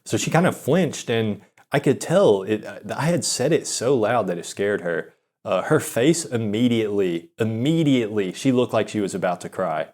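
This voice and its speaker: Halting, rambling young man, low voice. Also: expressive, a little mellow. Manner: rambling, halting, self-deprecating, many restarts and fillers. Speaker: storyteller. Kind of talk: confessional storytelling monologue.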